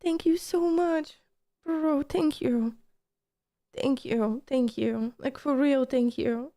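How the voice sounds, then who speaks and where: A woman's voice: high voice, slow, warm tone. A woman streamer in casual reaction-stream chat, gushing and emotional, repeating her thanks over and over.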